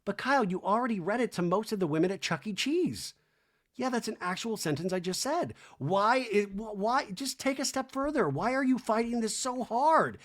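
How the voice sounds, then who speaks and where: A man's voice: high-pitched, lively intonation, moderate pace, fairly bright tone. A man hosting a comedy podcast, recapping a reality show in a wry, sarcastic, chatty way.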